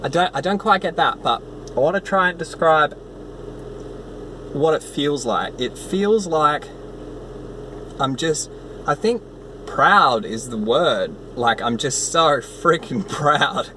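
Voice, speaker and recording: A man talking casually to the camera in a self-filmed vlog, excitable and rambling, outdoors on a trail. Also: on the high side, slow pace, pauses often, a little hiss or hum. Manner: excitable, rambling, swears mildly. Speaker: vlogger, trail runner.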